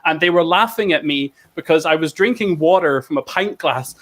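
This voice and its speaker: A man's voice: on the high side, normal speed, fairly bright tone. A man from Ireland with an Irish accent, co-hosting a casual chat, telling stories and laughing easily. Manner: chatty, laughs easily, storytelling. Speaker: co-host.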